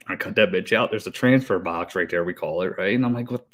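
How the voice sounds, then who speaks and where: Man, 30s, podcast co-host, lowish voice, hyper and breathless, swears a lot, rambling storyteller. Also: a little fast. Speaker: podcast co-host, HVAC technician. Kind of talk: casual chat.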